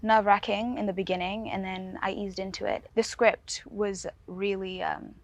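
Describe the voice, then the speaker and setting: A woman's voice: mid-range voice, steady tone, moderate pace, creaky. A young actress talking casually and a little hesitantly about her first role at a panel. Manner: casual, hesitant, lots of fillers. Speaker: actor. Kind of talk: panel discussion.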